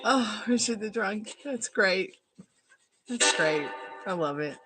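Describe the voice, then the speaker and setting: A woman's voice: medium pitch, lively intonation, slow pace, music in the background, poor audio. A woman giving a live-stream tarot reading, chatty and rambling and laughing often. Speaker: tarot reader. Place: at home.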